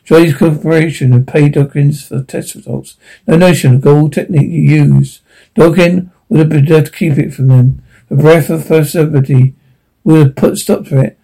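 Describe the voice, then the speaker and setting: Mellow male audiobook narrator. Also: on the high side, steady tone, gravelly, husky, rough recording. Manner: halting, stumbling reading. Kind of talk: sci-fi audiobook reading.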